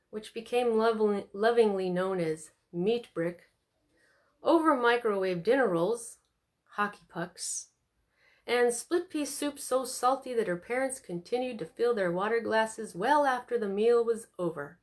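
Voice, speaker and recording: A woman narrates a novel as an audiobook. Her reading is expressive and animated, with a middle-pitched voice. She slips into different character voices. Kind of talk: scripted narration.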